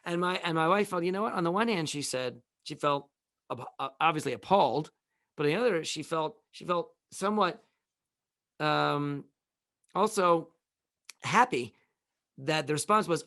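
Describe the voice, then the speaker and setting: A man's voice: high-pitched, normal speed, a bit bright, no echo, studio quality. A man hosting a live talk show, speaking in a casual, folksy way, rambling with many restarts and repeated words. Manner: conversational, folksy. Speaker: host.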